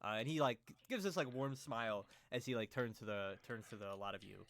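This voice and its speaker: Game master, male, mid-pitched, easygoing narration with lots of "uh" and "like". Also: fairly quick, a bit bright. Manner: loose, hesitant narration full of fillers.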